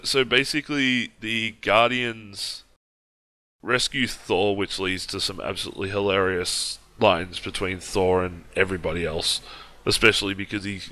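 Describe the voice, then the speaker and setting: A man's voice: low voice, sharp tone. A man co-hosting a podcast, casually recapping a film scene by scene with frequent restarts. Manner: recaps plot at length with frequent restarts and laughs. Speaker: podcast co-host. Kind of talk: casual movie recap chat.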